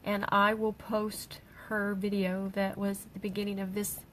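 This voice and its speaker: A middle-aged woman, tearful, speaking haltingly on an emotional personal livestream as a grieving mother. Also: medium pitch, monotone, fairly bright tone, a little hiss or hum, rough recording. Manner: halting, with pauses and restarts. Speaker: grieving mother sharing her daughter's story.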